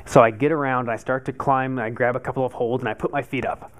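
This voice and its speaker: Man telling a lively personal story. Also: mid-range voice, fast talker. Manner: animated storyteller acting out his own past panic. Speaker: meetup speaker. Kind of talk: personal story told to a live group.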